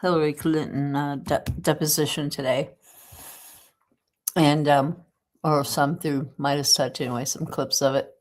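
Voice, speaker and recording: A woman's voice: low voice, fairly even intonation, measured pace. A woman with a Southern US accent hosting a casual livestream at home, congested from a cold, chatty and rambling with lots of ums. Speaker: livestream host. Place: indoors at home.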